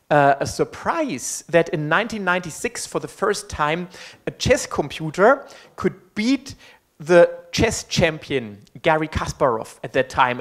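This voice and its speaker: A man's voice: fairly high pitch, fairly bright tone. A man from Germany with a German accent gives a public university lecture in English through a microphone, friendly and joking, with frequent ums and uhs. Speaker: guest lecturer. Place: university hall. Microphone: amplified microphone.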